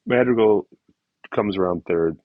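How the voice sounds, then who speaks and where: A man's voice: on the low side, unhurried, no room sound. A male podcast co-host recapping baseball in a rambling, casual way with many fillers. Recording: dull lo-fi recording.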